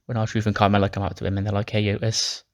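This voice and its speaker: Low, flat-voiced man recapping a game. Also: rapid-fire, dull audio. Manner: casual, swearing, acts out the characters' lines. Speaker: game commentator. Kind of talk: casual let's-play recap.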